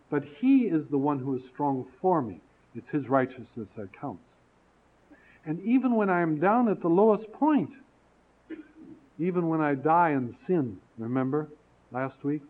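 A man preaches in an earnest, storytelling way, his fairly high voice climbing to emphatic peaks. The sound is thin and phone-like, as if heard over a narrow radio broadcast. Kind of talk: sermon-style teaching talk.

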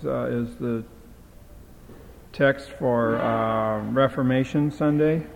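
A man teaching a Bible passage as a lecture, explaining Hebrew grammar in a halting way with frequent filler sounds. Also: mid-range voice, fairly even intonation, creaky, slight background noise. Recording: dull lo-fi sound in a reverberant hall.

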